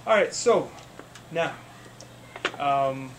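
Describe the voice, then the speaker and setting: A man patiently narrating a tabletop game for children as game master, with halting restarts, in a noisy room recording. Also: on the high side, expressive, a bit bright. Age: adult. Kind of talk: running a tabletop game for kids. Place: school club room.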